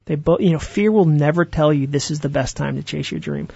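A man, an author being interviewed, telling stories in an animated way and acting out the voices he quotes. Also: fairly high pitch, brisk, vocal fry, husky, dry recording, lo-fi sound. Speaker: author guest. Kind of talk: interview conversation.

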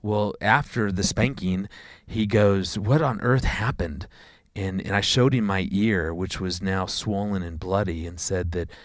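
A man, a father of four, telling a personal story in a conversation, earnest and halting, often repeating words. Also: sits low, fairly even intonation, no echo, clean studio sound.

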